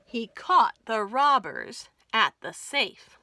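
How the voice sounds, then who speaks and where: A woman librarian reads a cowboy picture book aloud to children, telling it in an expressive, folksy way. Her voice is high and bright, and she reads unhurriedly. The sound is close and dry. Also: slow pace, no echo. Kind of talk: children's storytime reading.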